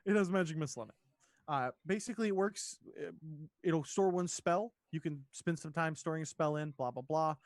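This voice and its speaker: A man's voice: fairly high pitch, a little fast, dry recording, clean studio sound. A man narrating as dungeon master in a tabletop game, laid-back with frequent laughs and fillers.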